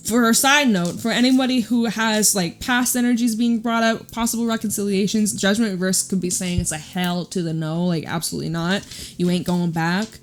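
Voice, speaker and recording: A woman's voice: medium pitch, fairly even intonation, fairly quick, slight background noise. A woman giving a casual, chatty tarot reading. She speaks straight to the viewer, swears now and then and laughs easily. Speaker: tarot reader.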